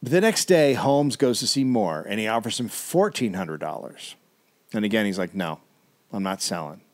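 Low-voiced man telling a story, wry. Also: big pitch swings, moderate pace. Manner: conversational, wry asides and swearing. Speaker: podcast co-host telling the story. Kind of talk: casual storytelling chat.

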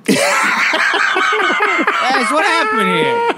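A man's voice: sits high, big pitch swings, moderate pace, heavy background noise. A man co-hosting a comedy podcast, joking loosely and laughing often. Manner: jokey, laughs often, riffs in silly voices. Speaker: podcast co-host. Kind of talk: casual comedic banter.

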